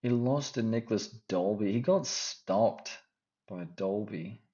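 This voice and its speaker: Slow, low man with a mock Australian twang. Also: dark tone, highs cut off. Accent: put-on Australian accent. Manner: rambling, thinking aloud, self-correcting. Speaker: MMA fight picks commentator. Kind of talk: casual fight-pick chat.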